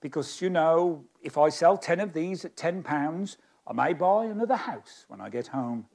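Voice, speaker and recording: A man with a slightly higher voice works the stage as a magician. He jokes at his own expense and chats freely with the volunteers. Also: expressive, normal speed, vocal fry, darkish tone. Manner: chatty, self-mocking, joking with volunteers. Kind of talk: live stage magic patter. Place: stage of a magic society hall.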